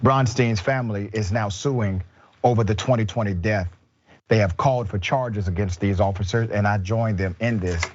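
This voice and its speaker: A man's voice: lowish voice, normal speed, lo-fi sound, a little hiss or hum. A male host of a political commentary show who speaks in short, emphatic statements.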